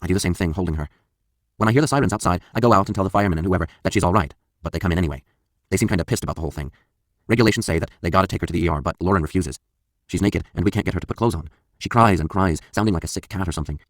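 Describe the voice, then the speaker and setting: Deep-voiced guy reading a memoir audiobook, quick, blunt and confessional, swears a lot, dry close mic. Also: no echo. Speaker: audiobook narrator.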